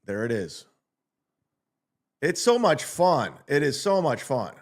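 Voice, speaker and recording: A man's voice: mid-range voice, sing-song, slow. A man hosting a livestream, ranting in a mocking, sarcastic way and reading viewer donations aloud. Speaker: livestream host.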